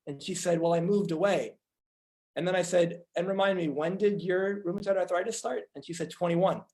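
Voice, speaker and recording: A man's voice: on the high side, darkish tone, rough recording. A man, a doctor, giving a conference talk, earnestly telling patient stories and acting out their dialogue.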